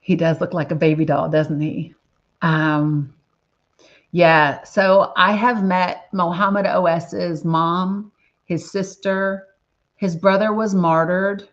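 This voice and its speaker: Woman livestreaming, slow and earnest, kinda low voice, muffled lo-fi audio. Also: steady tone. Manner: earnest, slow, emotional, reads chat names aloud. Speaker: livestream host. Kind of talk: casual livestream chat with viewers. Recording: slightly dull lo-fi audio.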